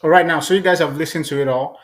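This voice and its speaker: A man hosting a casual, chatty software tutorial. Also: fairly high pitch, quick pace. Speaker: tutorial host.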